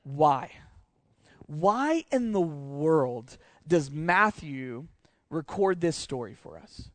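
A man preaches in a high, light voice, telling a story with energy and stopping to ask his listeners questions. The sound is close and dry, with no room around it. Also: very slow, dry recording. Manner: storytelling, animated, asks rhetorical questions. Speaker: pastor. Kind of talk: sermon.

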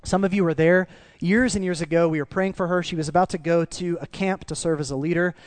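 A man preaching a sermon, telling stories in a conversational, earnest way that drops soft for emotional moments. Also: on the high side, fairly even intonation, quick pace, no room sound. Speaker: pastor. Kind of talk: sermon with storytelling.

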